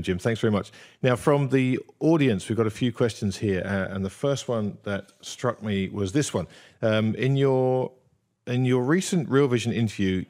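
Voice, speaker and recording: A man's voice: fairly low pitch, a little mellow. A man hosting an interview, reading out listener questions in a hesitant way with frequent ums and restarts. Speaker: host.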